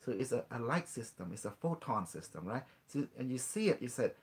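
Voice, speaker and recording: Earnest man explaining in halting English. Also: medium pitch, sing-song. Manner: earnest explaining, mixes in quoted dialogue with a device. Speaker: host. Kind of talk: call-in show talk.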